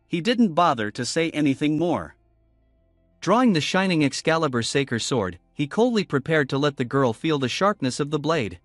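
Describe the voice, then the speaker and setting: A man's voice: on the high side, brisk, dry recording, studio quality, soft background music. A man narrating a comic recap in a scripted voice, reading every character himself. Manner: reads all characters in one steady narrating voice.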